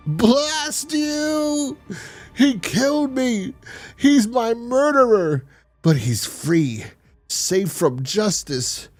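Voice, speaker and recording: A man voicing a doomed male scientist, crying out in a high, frantic, outraged voice. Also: gravelly, pushed and bright, full character voice. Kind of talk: acting out comic dialogue.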